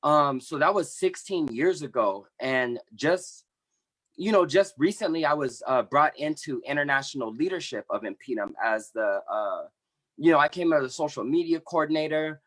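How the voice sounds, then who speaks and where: A man in his thirties, a membership coordinator for an activist group, telling his personal story on an online panel in an earnest, impassioned way, with halting restarts. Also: a little high, expressive, fairly bright tone.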